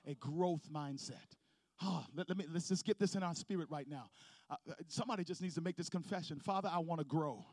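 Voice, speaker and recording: A male pastor delivers a sermon in a church sanctuary, building intensity and drawing responses from the congregation. He speaks a little fast in a somewhat high, slightly mellow voice. The sound is clean, studio quality, with no echo.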